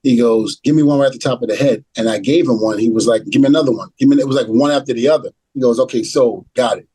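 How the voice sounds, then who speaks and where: Husky man telling a story. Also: mid-range voice, quick pace, dry recording, poor audio. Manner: animated storyteller acting out quoted dialogue. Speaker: retired pro wrestler, guest. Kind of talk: storytelling interview answer.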